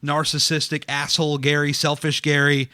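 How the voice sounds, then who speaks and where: A man's voice: on the high side, completely flat delivery, normal speed, sharp tone, smooth, no room sound. A man hosting a podcast, chatting casually in a dining room and telling rambling, self-deprecating stories full of fillers. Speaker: podcast host. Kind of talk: casual chat.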